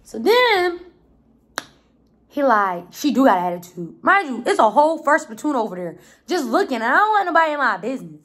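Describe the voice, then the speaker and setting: Blunt, animated young woman. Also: sits high, normal speed. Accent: American. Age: 20s. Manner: blunt, animated, swears freely. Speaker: vlogger. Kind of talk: casual storytelling vlog.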